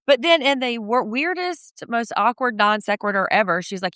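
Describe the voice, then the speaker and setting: Snarky woman podcast host, crisp voice. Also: on the high side, normal speed, dry recording, studio quality. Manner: snarky, animated, jokey. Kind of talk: casual pop culture recap chat.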